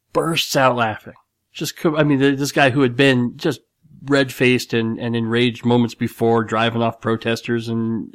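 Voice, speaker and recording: A man's voice: medium pitch, dry recording. A man hosting his own show, retelling a story in a loose, rambling way with many restarts and asides. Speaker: podcast host. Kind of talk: casual solo storytelling.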